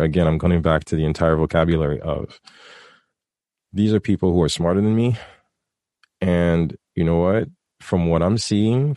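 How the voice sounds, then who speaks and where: A man's voice: low-pitched, darkish tone, dry recording, clean studio sound. A man earnestly recounting a personal story in a casual podcast conversation, rambling and restarting his sentences. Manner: emotional, heartfelt storytelling. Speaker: guest telling a personal story.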